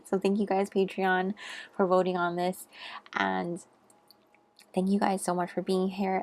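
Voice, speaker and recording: A woman giving a pick-a-card tarot reading, gentle and musing, with frequent ums and soft asides. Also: fairly low pitch, gravelly.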